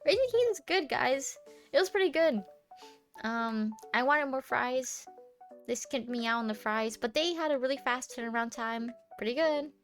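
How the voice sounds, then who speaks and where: A young woman with a high, bright-sounding voice, live-streaming and bantering casually with her chat. She is giggly and teasing, rambling through her thoughts with plenty of "like" and restarts. Soft music plays faintly underneath. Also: lively intonation, moderate pace. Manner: playful, giggly, teasing, rambling with many fillers.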